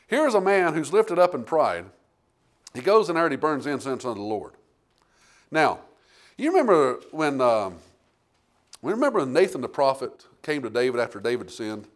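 A man preaching a sermon, reading King James scripture and calling out to the congregation, with big swings between loud and quiet. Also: mid-range voice. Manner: animated preaching with big swings in loudness, asking the congregation "Amen?".

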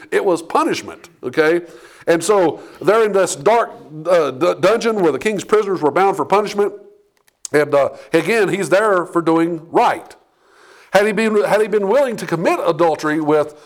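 Man preaching, pastor, high-pitched voice, conversational sermon, keeps checking in with okay and amen, gets fired up.

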